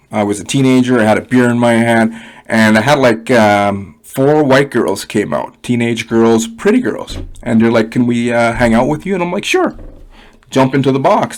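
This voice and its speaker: A man with a Canadian accent, from Canada, giving a blunt, rambling, profane unscripted rant with many fillers. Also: mid-range voice. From Canada (Ottawa, Ontario). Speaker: online money reviewer.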